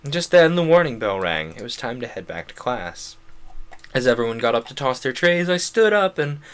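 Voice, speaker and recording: A man's voice: mid-range voice, very animated, moderate pace, clean tone. A young man streaming, reading a visual novel aloud with joking, chuckling asides.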